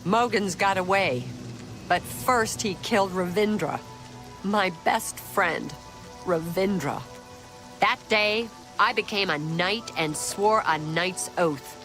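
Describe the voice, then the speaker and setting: Mazoga, a blunt orc knight. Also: female voice, mid-range voice, slow, fairly bright tone, soft background music. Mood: earnest. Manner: plain, simple, blunt speech. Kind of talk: video game voice acting.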